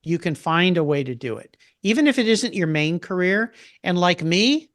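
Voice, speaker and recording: A man's voice: sits high, lively intonation, moderate pace, a bit bright, no echo, studio quality. An older man chatting as a podcast guest, telling stories with enthusiasm. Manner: enthusiastic, storytelling. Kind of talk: casual interview chat.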